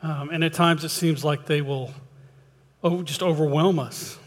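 A man's voice: fairly high pitch, steady tone, a little slow. Guy preaching at church, folksy, trips over his words a bit, big echoey hall. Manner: folksy storyteller with hesitant restarts. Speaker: lay preacher. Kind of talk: sermon with joke and prayer. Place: church sanctuary. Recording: long hall reverb.

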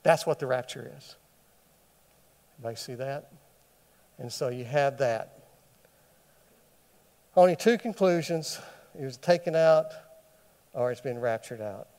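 A man's voice: medium pitch, measured pace, pauses often, darkish tone. Man teaching scripture in a reverberant hall. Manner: asks the listeners questions and answers them himself. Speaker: bible teacher. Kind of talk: bible study sermon.

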